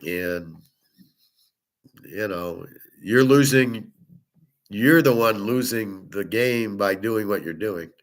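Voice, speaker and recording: Man, middle-aged, lowish voice, casual monologue, blunt, swears freely. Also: takes it slowly, pauses often. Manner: blunt, profane storytelling. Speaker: host.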